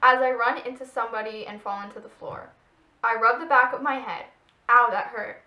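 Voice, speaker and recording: A woman's voice: fairly high pitch, fairly even intonation, a little fast, bright, forceful tone. Giggly young woman in an echoey room. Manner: giggly, mocking her own writing. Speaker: co-host. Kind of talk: reading own old fan fiction aloud.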